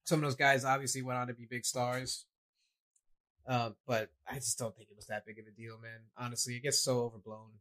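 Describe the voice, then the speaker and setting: A man's voice: mid-range voice, little pitch movement, brisk, fairly bright tone, poor audio. A man co-hosting a casual wrestling discussion, giving opinionated, rambling takes and shrugging points off. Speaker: podcast co-host.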